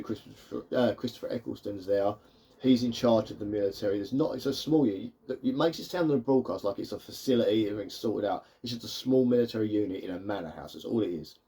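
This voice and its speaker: Man, low husky voice, rambling casual film recap, lots of fillers. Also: quick pace, dark tone. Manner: chatty, rambling, many fillers and restarts. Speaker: film reviewer.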